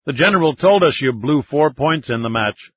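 A man's voice: on the high side, expressive, moderate pace, husky, lo-fi sound, voice pushed up. Man doing a brash, joking young American soldier. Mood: teasing. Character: wry, cocky American soldier, short team leader.

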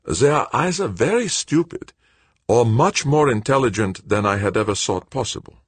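A man's voice: medium pitch, lively intonation, normal speed, slightly rough, no echo, voice pushed up. A man voicing a formal, puzzled older doctor who ponders aloud in an audiobook. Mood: pondering.

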